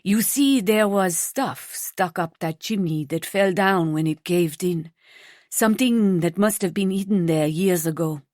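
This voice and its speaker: A woman narrator voicing a wry, brisk man who speaks in a dry, matter-of-fact way. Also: lowish voice, a little mellow, no room sound, close to an everyday voice.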